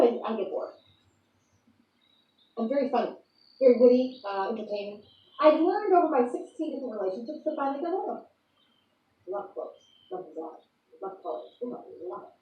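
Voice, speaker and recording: Chatty high-voiced woman, roomy and distant. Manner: chatty, rambling, playful and self-amused. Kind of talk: improvised monologue in the persona of a star sign. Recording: echoey room, from far off, dull lo-fi sound, faint noise.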